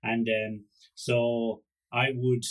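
A man's voice: medium pitch, little pitch movement, very slow, low-quality recording. A man with an Irish accent hosting a podcast, rambling through joking stories about his dog, swearing and acting out little voices. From Ireland. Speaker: podcast host. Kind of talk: casual solo podcast monologue.

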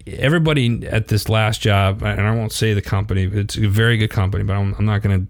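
Low-voiced man telling stories animatedly. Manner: animated, acts out quotes in a raised voice. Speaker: podcast guest. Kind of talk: casual storytelling interview.

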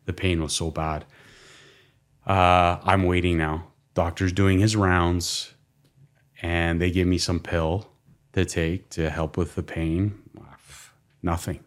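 A man's voice: low-pitched, level tone, slow, long pauses. A man guesting on a podcast, telling a personal story bluntly, swearing often and acting out what people said. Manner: blunt, swears often, replays his own words and others' in quotes.

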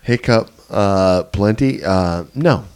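A man's voice: on the low side, slow pace, a little mellow, smooth. A man co-hosting a podcast, teasing and wisecracking. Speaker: podcast co-host. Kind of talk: casual chat.

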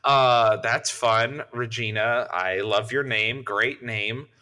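A man's voice: mid-range voice, fairly even intonation, takes it slowly, bright, forceful tone, clear, resonant tone. A man co-hosting a podcast in casual chat, joking around, swearing and laughing often. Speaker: podcast co-host.

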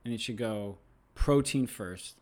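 A man co-hosting a podcast in casual chat, playful and thinking out loud with restarts. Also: medium pitch, a little slow. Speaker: podcast co-host.

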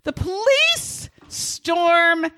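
A woman's voice: extremely high pitch, big pitch swings, drawn-out words, bright, forceful tone, dry recording. A woman co-hosting a casual chat, telling a story animatedly, acting out quotes and swearing freely. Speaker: podcast co-host.

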